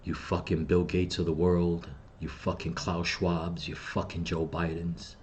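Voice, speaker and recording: Deep-voiced man ranting in grief. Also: level tone, measured pace, a little mellow, a little hiss or hum. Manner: grieving, bitter, profane ranting. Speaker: channel host. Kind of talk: angry personal vlog rant.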